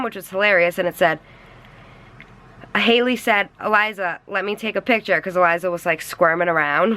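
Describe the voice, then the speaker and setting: A young woman with a bright, forceful voice retells a quarrel to her camera. She is animated, sarcastic and exasperated, with her pitch sitting in an ordinary middle range for a woman. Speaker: vlogger. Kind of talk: casual storytelling to camera.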